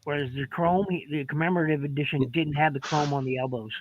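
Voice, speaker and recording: A man's voice: a little high, steady tone, fast talker, no room sound, highs cut off. A man in a casual video-call chat, a toy collector explaining details and correcting himself as he goes.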